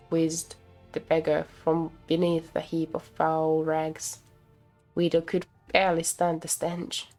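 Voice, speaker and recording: A woman's voice: sits low, completely flat delivery, takes it slowly, a little mellow, soft background music. A woman streamer reading a story aloud, often slipping over words, restarting and laughing at herself. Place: home streaming setup.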